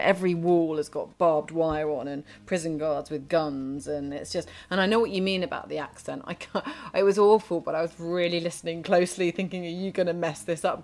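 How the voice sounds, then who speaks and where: A woman's voice: fairly low pitch, darkish tone. A woman co-presenting a radio show, chatting casually and thinking aloud about a film.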